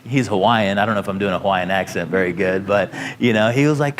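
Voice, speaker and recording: A man's voice: fairly low pitch, quick pace, hardly any pauses. A company founder telling his career story to students, casual and rambling, full of "you know" fillers and restarts.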